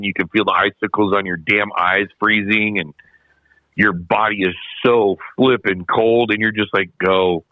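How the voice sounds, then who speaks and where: A man, a podcast guest, telling a racing story in casual, animated, slangy chat, often repeating himself. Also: fairly low pitch, no room sound. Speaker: podcast guest, snowmobile racer. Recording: dull dry podcast audio.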